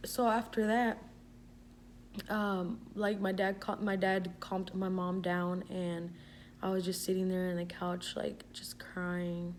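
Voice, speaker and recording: A woman's voice: mid-range voice, little pitch movement, unhurried, a little hiss or hum. A young woman telling a personal story in a casual vlog, rambling with lots of "like" and slipping into Spanish words. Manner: rambling, heavy use of "like", slips into Spanish. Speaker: vlogger.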